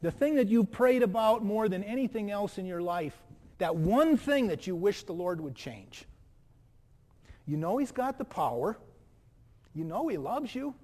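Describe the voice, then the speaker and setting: A man preaching a sermon as pastor, earnest, moving between loud emphasis and hushed, soft passages. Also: high-pitched, animated, a little slow. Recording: long reverb of a large hall.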